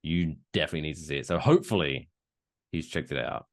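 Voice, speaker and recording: A young man co-hosting a podcast in casual chat, rambling, restarting often and dropping into quiet asides. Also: extremely low pitch, lively intonation, fast, gravelly. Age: young adult. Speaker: podcast co-host.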